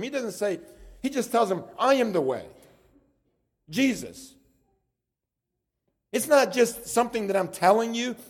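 High-voiced male preacher, earnest. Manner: earnest, repeats words while building points. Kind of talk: sermon.

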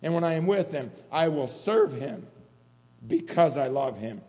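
A man's voice: fairly high pitch, lively intonation, unhurried, darkish tone. A man preaching an earnest sermon, repeating phrases for emphasis. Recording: long hall reverb.

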